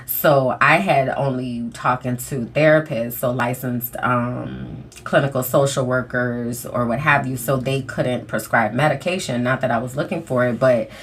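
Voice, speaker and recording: A woman's voice: rumbling low, steady tone, measured pace, few pauses, a little hiss or hum. A woman podcast host telling a personal story in a candid, conversational way, full of "um" and "like", recorded in a small closet. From United States. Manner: candid, conversational, uses many fillers like "um" and "like".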